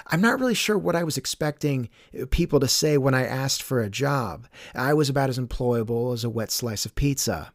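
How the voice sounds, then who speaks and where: A young man narrating a personal story with wry, deadpan humor. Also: mid-range voice, dry recording, studio quality. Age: young adult.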